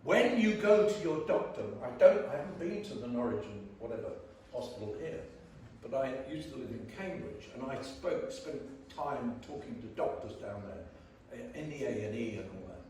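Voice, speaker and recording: A man's voice: mid-range voice, expressive, normal speed, few pauses, darkish tone, a little hiss or hum. A man giving a blunt, emphatic, jokey speech to a community meeting in a church hall. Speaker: guest panellist. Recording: very echoey church hall, far from mic.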